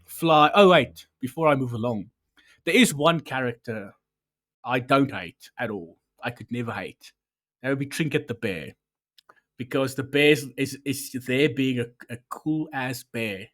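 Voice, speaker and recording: A man's voice: medium pitch, a bit bright. A man hosting a podcast, talking in a rambling, sarcastic, profane way while reviewing a show. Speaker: podcast host. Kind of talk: casual review chat.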